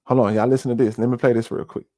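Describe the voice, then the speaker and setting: A man's voice: mid-range voice, little pitch movement, racing, warm tone, dry recording. Preachy man, close dry mic. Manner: preachy, repeats "family", heavy fillers. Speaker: commentary streamer. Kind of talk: casual conspiracy commentary.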